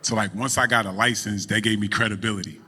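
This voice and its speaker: A middle-aged man, a guest on a podcast, telling a story in a relaxed, animated way and running a business. He falls into casual speech. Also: fairly low pitch, quick pace, slightly rough, in a large hall. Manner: animated storyteller, acts out quoted voices. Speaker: podcast guest, cannabis entrepreneur.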